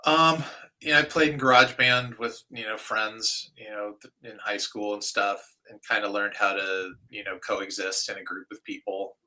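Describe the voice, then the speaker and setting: A middle-aged man, a guest vocalist, chatting casually in an interview, relaxed, with many fillers and soft trailing phrases. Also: on the low side, normal speed, low-quality recording.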